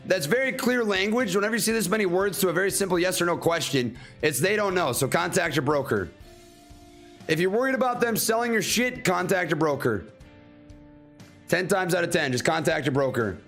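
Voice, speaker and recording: A man's voice: high-pitched, expressive, brisk, a bit bright, faint music behind. A man from North Carolina hosting a casual livestream, reading out viewer questions and riffing on them. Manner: reads out FAQ text then riffs on it casually.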